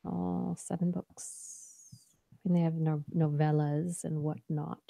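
Tired woman host, gravelly and mellow. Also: low voice, level tone, takes it slowly, dry recording. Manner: rambling, chatty, drifts into half-whispers. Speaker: podcast host. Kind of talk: casual after-show chat.

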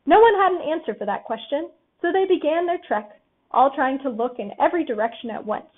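Expressive woman reading a storybook. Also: sits high, fairly quick. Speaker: storybook reader. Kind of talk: storybook narration. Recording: tinny phone-like audio.

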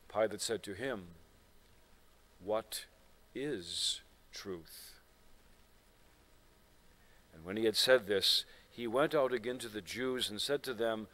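A man reading the Passion aloud at a church service in a slow, grave manner. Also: lowish voice, fairly bright tone.

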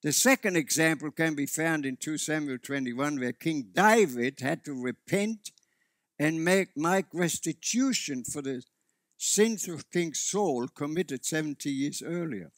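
A man's voice: on the high side, a little slow, dry recording, studio quality. A man preaching a sermon as pastor, earnest and often restarting his sentences. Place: church.

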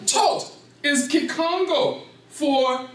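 An older man giving a lively, interactive lecture in a library room. He talks slowly and deliberately, laughs often, and quizzes his audience. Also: extremely high pitch. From Gullah Geechee community, South Carolina. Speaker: speaker. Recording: echoey room, from far off.

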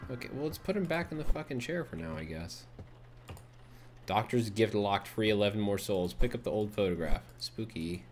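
A man's voice: lowish voice, animated, moderate pace, slight background noise. A young man giving casual gameplay commentary on a let's play, reacting with startled yelps and swearing and cooing at an in-game baby.

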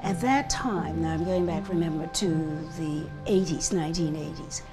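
A woman's voice: low-pitched, moderate pace, over music. An older woman from Bermuda with a Bermudian accent, talking emphatically and telling stories in a documentary interview. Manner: emphatic, animated storytelling.

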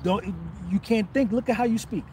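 A man's voice: high-pitched, moderate pace, darkish tone, a little hiss or hum. A man hosting a casual livestream outdoors, hyped and boastful, switching into a pushy coaching tone. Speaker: livestream host.

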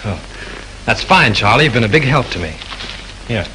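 A man's voice: mid-range voice, big pitch swings, sharp tone, slight background noise, rough recording. An actor playing a persistent male studio man who questions hotel staff about a murder, in a 1930s film. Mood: determined. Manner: brisk, probing questions. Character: brisk male studio investigator, adult, persistent.

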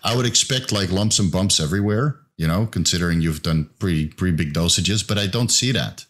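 A man's voice: deep voice, brisk, a bit bright. A man co-hosting a casual podcast chat, asking technical questions in a hesitant way with many fillers. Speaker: podcast co-host.

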